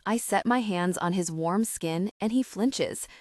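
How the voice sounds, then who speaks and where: A woman narrating a first-person romance audiobook in a soft, intimate way. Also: mid-range voice, a little slow, no room sound, studio quality.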